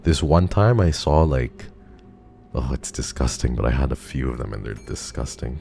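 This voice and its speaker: A man's voice: very deep voice, animated, moderate pace, creaky, dark tone, slightly rough. A male streamer giving live commentary on a game, talking to his chat and swearing in frustration.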